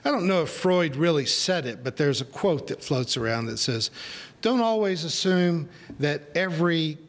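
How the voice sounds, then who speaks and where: A man's voice: fairly high pitch, animated, moderate pace. A male pastor giving a sermon in a conversational, storytelling way, with self-deprecating humor.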